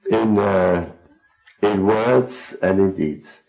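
A man's voice: medium pitch, takes it slowly, mellow, poor audio. A man leading a group Bible discussion, earnest and often posing questions to his listeners. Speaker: Bible study speaker.

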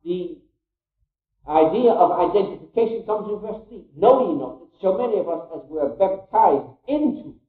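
A man's voice: sits high, animated, normal speed. A man preaching a Bible teaching sermon, emphatic, with rhetorical questions and repeated key phrases. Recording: echoey room on a tinny phone-like line.

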